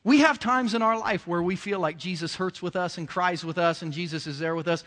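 A man's voice: high-pitched, brisk, fairly bright tone, big-room sound. A man preaching a sermon in a conversational way, building to emotional emphasis.

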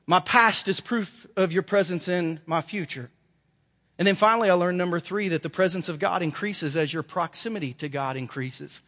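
A man's voice: sits high, normal speed, a bit bright. A male pastor delivering a sermon in an emphatic, storytelling way. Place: church sanctuary. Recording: reverberant church hall.

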